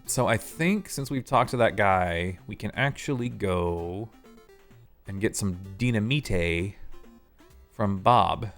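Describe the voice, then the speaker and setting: A man's voice: fairly low pitch, takes it slowly, a bit bright, soft background music. A man streaming a video game live, chatting casually, joking, laughing and swearing as he reads the game's text aloud. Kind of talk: casual live gameplay commentary.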